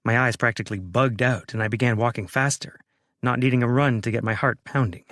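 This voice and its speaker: A man reading a romance audiobook in a steady, measured first-person voice at a mid pitch. The sound is dry and close to the mic. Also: no room sound. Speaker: audiobook narrator. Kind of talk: scripted romance narration.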